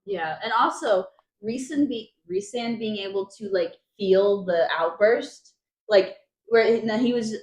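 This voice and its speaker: A woman's voice: mid-range voice, a little slow, a little mellow. Young woman quipping in an echoey room. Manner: chimes in with short reactions and quips. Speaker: podcast co-host. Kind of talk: casual book chat.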